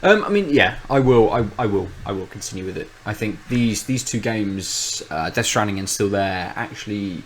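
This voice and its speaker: Podcast co-host: man, lowish voice, halting and rambling, always restarting his sentences. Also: lively intonation, a little hiss or hum, poor audio. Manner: rambling, thinks aloud with many restarts. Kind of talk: casual chat.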